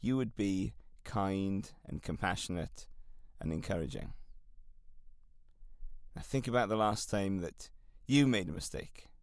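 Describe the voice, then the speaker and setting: A man's voice: low-pitched, animated, a little slow, dry recording, clean studio sound. A man with a Welsh accent hosting a solo self-help podcast, talking to listeners in an earnest, encouraging coaching way. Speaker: podcast host.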